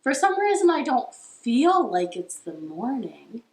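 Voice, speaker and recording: Young american woman doing kids storytime at home, high voice, kinda echoey room, uke in the back. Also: sing-song, measured pace. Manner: playful, self-deprecating, sings along with ukulele. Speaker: children's librarian. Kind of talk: children's storytime with songs.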